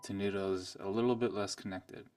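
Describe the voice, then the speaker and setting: Male piano teacher, low voice, calm explainer, mic a little distant. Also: brisk. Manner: calm, explains then plays examples. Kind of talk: music lesson at the piano. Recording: voice from a distance, piano loud alongside. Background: piano playing.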